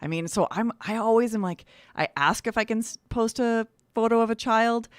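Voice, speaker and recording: Woman co-hosting, reflective and animated. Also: fairly high pitch, moderate pace, no echo. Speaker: talk show co-host. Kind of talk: casual talk show chat.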